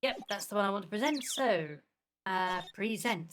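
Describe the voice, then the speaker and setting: A woman's voice: mid-range voice, expressive, a little fast. A woman playing through a video game, chatting to herself as she reads the dialogue aloud. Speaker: game streamer. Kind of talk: let's-play commentary, reading game dialogue aloud. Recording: noisy home recording.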